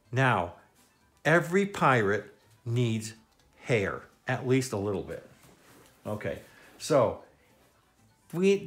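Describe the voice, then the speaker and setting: A man's voice: on the low side, fairly bright tone. Goofy guy walking kids through a drawing, super bouncy voice, makes silly noises. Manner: playful, jokey, makes silly sound effects. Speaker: children's drawing instructor. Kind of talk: kids' step-by-step drawing lesson.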